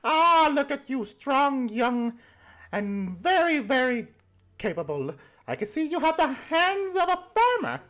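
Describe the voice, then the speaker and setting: A woman voicing a sweet, fussy old grandmother who runs a farm, in a doting, drawn-out singsong manner. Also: sits high, sing-song, a bit bright, pitched above the performer's own voice, exaggerated voice.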